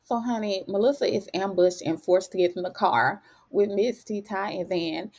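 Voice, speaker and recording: A woman giving a casual, slangy TV episode recap. She calls the listener honey and acts out the characters' lines in lively, shifting tones. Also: medium pitch, normal speed, faint music behind. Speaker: TV recap host.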